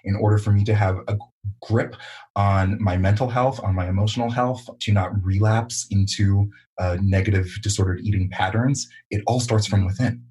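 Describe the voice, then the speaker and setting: Low, husky male podcast host, thoughtful and affirming. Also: fairly even intonation, moderate pace, a little mellow, rough recording. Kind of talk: podcast conversation.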